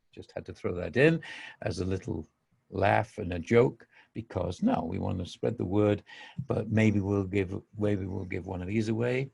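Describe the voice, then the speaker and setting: A man's voice: mid-range voice, moderate pace, vocal fry, darkish tone, slightly rough. A man with a Manchester accent hosting a podcast, talking in a rambling, enthusiastic way and laughing often. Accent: Mancunian. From England. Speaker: podcast host. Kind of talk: casual monologue.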